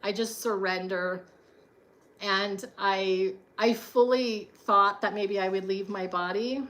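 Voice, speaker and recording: A woman's voice: medium pitch, fairly even intonation, slow, fairly bright tone. A woman telling a personal story in a chatty monologue, full of fillers and frequent laughs.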